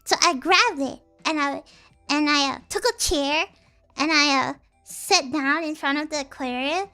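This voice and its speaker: High-voiced woman rambling slowly. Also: bright, forceful tone, faint music behind. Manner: rambling, with many fillers and restarts. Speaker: streamer. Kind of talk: casual storytelling chat.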